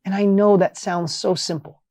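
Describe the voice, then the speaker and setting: A middle-aged man telling a motivational story with energy and emphasis, his voice rising when excited. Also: sits high, moderate pace, no room sound, studio quality. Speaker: motivational speaker.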